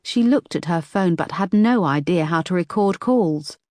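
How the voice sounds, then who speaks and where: A woman reads a mystery audiobook in a low, measured voice. The recording is close and dry, with no room sound. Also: expressive, darkish tone, no echo. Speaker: audiobook narrator. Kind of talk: scripted narration.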